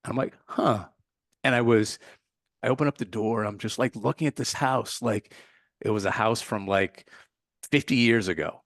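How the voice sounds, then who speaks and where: A man with a fairly low voice tells an earnest, reflective story as a podcast guest. He often searches for the right word as he goes. The sound is dry and close, with no room in it. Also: moderate pace, fairly bright tone, no echo. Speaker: meditation teacher, podcast guest. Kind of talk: casual interview storytelling.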